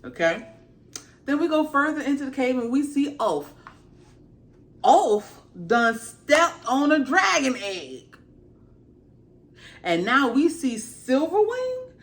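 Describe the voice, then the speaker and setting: A TV show reviewer with a high-pitched voice takes it slowly and pauses often as she gives a casual, slangy episode recap. She tells it in an animated way, acting out the characters in asides.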